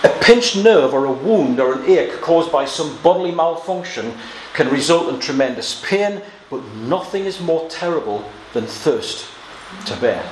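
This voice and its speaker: A man preaching an expository Bible sermon, earnest, moving between quiet reading of scripture and emphatic exclamations. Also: on the high side, expressive, measured pace, hardly any pauses. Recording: echoey room with faint ambient noise.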